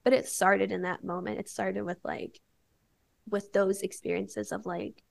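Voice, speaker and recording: A woman's voice: medium pitch, flat delivery, a little slow, creaky. A young woman, a podcast guest, telling a candid personal story in casual chat, filling her talk with "like". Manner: candid storytelling, many filler "like"s.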